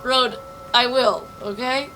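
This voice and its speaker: Bright, high-voiced giggly woman streamer. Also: steady tone, takes it slowly, faint music behind, low-quality recording. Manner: giggly, swears freely, thinks aloud. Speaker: game streamer. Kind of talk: casual live-stream chat while playing. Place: apartment room.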